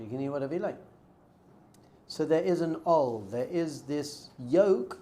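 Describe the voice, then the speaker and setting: A man's voice: a little high, lively intonation, slow, pauses often, warm tone, a little hiss or hum. A man, a rabbi, giving an informal class, telling stories and acting out bits of dialogue. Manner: conversational, storytelling with acted-out dialogue.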